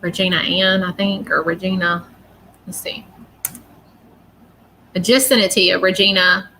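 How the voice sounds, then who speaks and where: A woman with a gravelly, bright voice gives readings on a livestream. She talks in a chatty, rambling way and keeps apologizing. Faint noise sits under her voice. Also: on the low side, flat delivery, unhurried, low-quality recording. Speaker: psychic reader.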